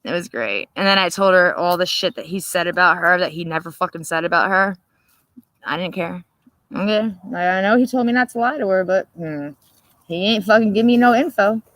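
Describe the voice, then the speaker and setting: A woman hosting a casual livestream, telling a story in a profane, animated way and laughing often. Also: lowish voice, fairly quick, no room sound. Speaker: livestream host.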